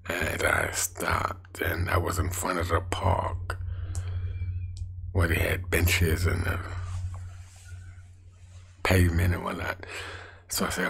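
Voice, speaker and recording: Gravelly low-voiced man testifying in hushed tones. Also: level tone, takes it slowly, pauses often. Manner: hushed, half-whispered storytelling with sudden emotional lifts. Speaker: street evangelist. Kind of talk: personal testimony.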